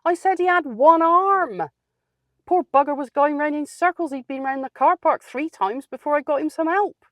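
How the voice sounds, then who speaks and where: A woman's voice: medium pitch, very animated, normal speed, pauses often, a little mellow, no echo. Woman playing a blunt older lady. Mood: wry. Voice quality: dry, plain-spoken and sardonic. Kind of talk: comic character monologue.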